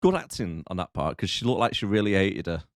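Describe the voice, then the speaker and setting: A man's voice: deep voice, expressive, brisk, no echo, studio quality. A man co-hosting a podcast, laughing and joking in casual chat. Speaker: podcast co-host.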